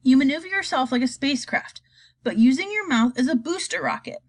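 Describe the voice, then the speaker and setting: A woman doing brisk, theatrical Mister Wonka. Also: high voice, expressive. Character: eccentric grown man, brisk chocolate-maker pilot.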